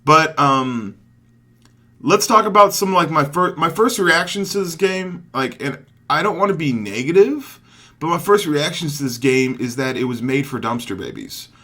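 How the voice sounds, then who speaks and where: Young male gaming commentator, casual and excitable, swings between low asides and sudden loud hype. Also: moderate pace.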